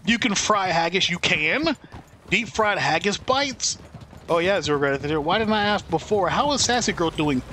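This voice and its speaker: A man's voice: sits high, animated, a little fast, hardly any pauses, bright, forceful tone, a little hiss or hum. A man streaming a video game, joking and rambling as he thanks chat by name. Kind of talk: casual live-stream chat.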